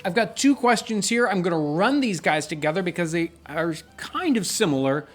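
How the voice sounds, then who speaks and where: A middle-aged man hosts a casual Q&A, answering viewers in an earnest, explanatory way. His voice sits somewhat high for a man. Soft music plays faintly underneath. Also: expressive, moderate pace. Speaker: channel host. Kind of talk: casual Q&A chat.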